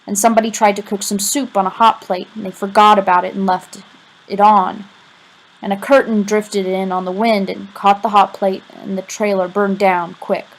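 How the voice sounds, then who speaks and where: Rich: A weary middle-aged father in a storybook, read by a woman, telling bad news quietly and plainly. The voice sits at a middle pitch and stays matter-of-fact. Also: little pitch movement, normal speed, lightly acted, rough recording.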